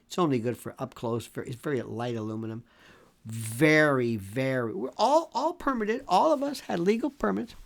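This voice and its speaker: A man's voice: medium pitch, very animated, normal speed, vocal fry. A man in his sixties from Florida, a legal commentator giving a sarcastic solo monologue and sometimes dropping into mock whispers. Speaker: legal commentator and talk host.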